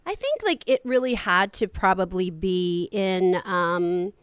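A woman's voice: lowish voice, animated, a little slow, clean tone, no room sound. A woman comedian being interviewed, talking in a rambling, hesitant way with laughs between thoughts. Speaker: comedian guest. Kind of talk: casual interview chat.

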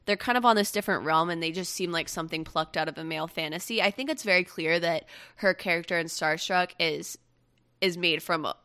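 Chatty young woman, bright tone. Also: on the low side, clean tone. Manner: gushing and chatty, quick asides. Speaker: podcast host. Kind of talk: casual pop-culture chat.

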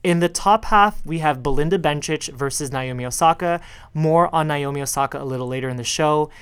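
Sassy smooth-voiced male podcast host. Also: fairly high pitch, fairly quick, a bit bright, no room sound. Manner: sassy, chatty, calls listeners girl. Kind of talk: casual solo tennis podcast chat.

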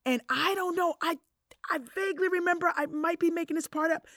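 A middle-aged woman telling a personal story in casual conversation, animated and acting out the voices of others. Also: extremely high pitch, brisk, dry recording, studio quality.

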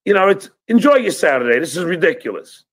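A man's voice: sits high, very animated, fast, breathy edge. A man in a played clip, telling a rambling, profane story about a text exchange.

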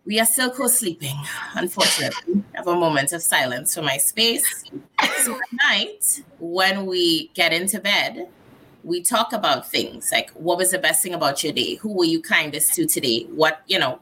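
A woman's voice: lowish voice, moderate pace, slight background noise, rough recording. A woman in her thirties from Trinidad and Tobago with a Trinidadian accent, speaking candidly and reflectively as a guest in a casual conversation. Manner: candid, reflective, animated storyteller.

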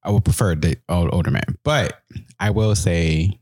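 A man's voice: deep voice, normal speed, a little mellow, slightly rough, no room sound. A man in a casual chat who makes short, dry remarks.

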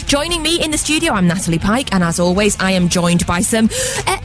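A woman's voice: medium pitch, very animated, fairly quick. A woman hosting a sports talk show in a studio, bubbly and teasing, laughing often. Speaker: radio show host.

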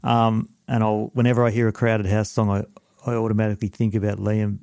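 A man hosting a podcast, chatting and telling stories quickly, often apologising for interrupting. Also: fairly low pitch, completely flat delivery, warm tone, clear, resonant tone, no room sound, studio quality. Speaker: podcast host. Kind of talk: casual chat and storytelling.

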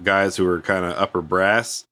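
A man's voice: deep voice, level tone, moderate pace, pushed and bright. A man in easygoing casual chat on a podcast, often chiming in with short replies.

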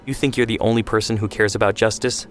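A man reading the lines of a quiet youngest son who asks calm, earnest questions in an audio story. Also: lowish voice, fast talker, soft background music, lightly acted. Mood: probing.

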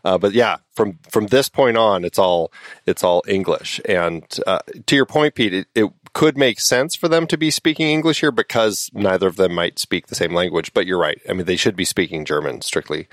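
A man's voice: deep voice, moderate pace, dry recording, clean studio sound. A man hosting a casual podcast film discussion, asking questions and steering the talk. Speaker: podcast host.

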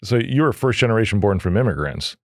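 Male podcast host, lowish voice, dry close sound, relaxed and chatty. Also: fast talker, no room sound. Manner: easygoing, says brother and man a lot. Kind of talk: casual interview chat.

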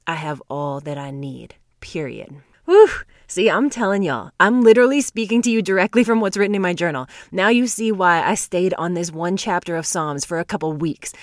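A woman teaching on scripture in a devotional talk to her viewers, earnest and emphatic, slowing down to stress key words and laughing lightly between points. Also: on the low side, expressive, no room sound, studio quality. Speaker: Bible teacher.

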